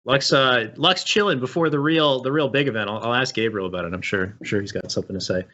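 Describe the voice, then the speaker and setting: A man's voice: medium pitch, quick pace, pushed and bright. A man hosting a casual esports news show, talking in a laid-back way with lots of fillers and restarts. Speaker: show host. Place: home setup on a voice call. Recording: dull lo-fi stream audio.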